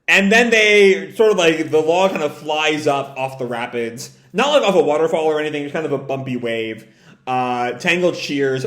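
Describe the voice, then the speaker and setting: A man recaps and comments on a comic in a rambling way, often stopping to correct himself. His voice sits a little high and moves around a lot. The room around him sounds roomy and echoey. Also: expressive, normal speed, a bit bright. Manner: rambling, self-correcting, casual swearing. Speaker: comic reaction host. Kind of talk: casual live reading and commentary.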